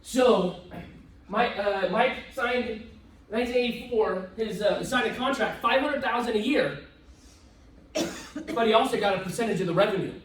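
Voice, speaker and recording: A man speaking at a live seminar, telling an animated story and acting out both sides of the dialogue. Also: high voice, moderate pace, pauses often. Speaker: motivational speaker. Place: event hall with live audience. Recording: echoey hall, voice from far off.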